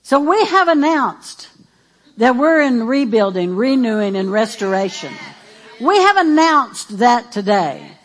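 High-voiced woman preaching with energy. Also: measured pace, a little hiss or hum. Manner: animated, emphatic, playful preaching. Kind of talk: sermon.

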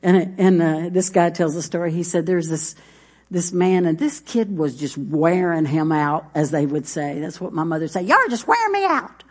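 A woman's voice: low voice, steady tone, moderate pace, mellow. A middle-aged woman pastor, preaching a folksy sermon full of stories. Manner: folksy, storytelling, with congregation responses.

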